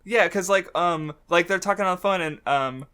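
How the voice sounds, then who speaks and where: Speaking at normal speed in a high, sharp but clean-toned voice, a man co-hosts a podcast. His casual chat rambles with plenty of fillers and restarts, punctuated by frequent laughter and free swearing.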